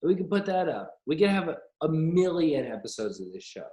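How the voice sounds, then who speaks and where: A man's voice: on the high side, very animated, brisk, dark tone. A man hosting a casual late-night chat show, joking and rambling in a self-mocking way. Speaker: host. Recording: roomy echo.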